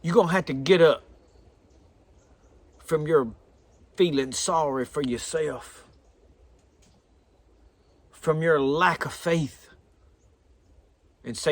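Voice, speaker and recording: A man's voice: on the high side, takes it slowly, long pauses. A man with a thick Southern drawl preaching a folksy, earnest sermon. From American South.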